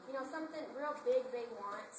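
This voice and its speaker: A woman giving a chatty sales pitch at a meeting, telling stories and asking the audience questions. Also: brisk. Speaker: sales director recruiting at a meeting. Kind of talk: animated sales presentation to a group. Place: meeting room before an audience. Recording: echoey room with noise.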